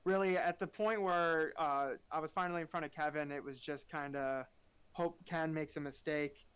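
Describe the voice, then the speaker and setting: Smooth-voiced male runner-up driver. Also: a little high, normal speed. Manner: relaxed, filler-heavy, a little rueful. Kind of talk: casual post-race interview.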